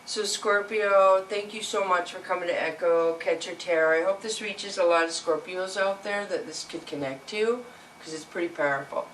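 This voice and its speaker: A woman's voice: lowish voice, fairly even intonation, moderate pace, a bit bright, far from the mic, a little hiss or hum, poor audio. Emotional woman giving a tarot reading. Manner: emotional, earnest, speaks directly to viewer. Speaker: tarot reader. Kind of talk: casual tarot reading to camera.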